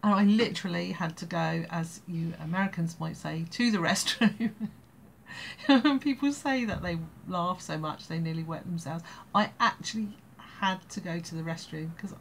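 A woman in her sixties with an English accent tells a story straight to camera, chatty and wandering. Her fairly low voice has a gravelly fry running through it, and she laughs often between phrases. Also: moderate pace, slight background noise. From England. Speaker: storyteller vlogger. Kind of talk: casual spoken anecdote.

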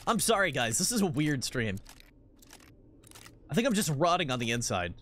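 A man's voice: a little high, sing-song, moderate pace, fairly bright tone. A man in his twenties streaming a game, rambling through silly jokes and laughing constantly. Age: 20s. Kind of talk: casual gameplay commentary.

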